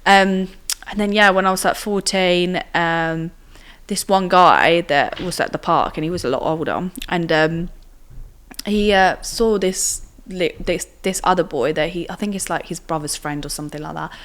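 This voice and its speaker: A young woman in her twenties appears as a podcast guest, telling her own story in an interview, chatty and packed with fillers like "like" and "do you know what I mean." Her pitch is fairly low, her pace moderate, and her tone a bit bright.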